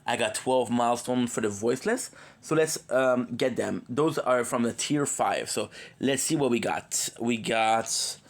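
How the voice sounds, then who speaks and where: A tired man with a cold chats casually on his stream, rambling and cracking jokes for his viewers. His voice sits in the mid-range and moves at a measured pace.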